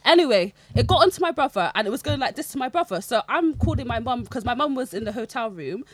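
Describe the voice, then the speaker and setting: A woman's voice: fairly high pitch, lively intonation, fast talker, no echo. A young woman, telling a story animatedly and laughing as she chats. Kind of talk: casual chat, storytelling.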